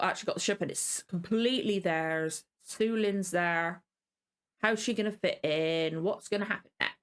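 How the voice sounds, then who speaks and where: Woman hosting a reaction video, rambling, apologetic, tired, average pitch. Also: clean tone. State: tired and yawning. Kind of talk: casual reaction commentary.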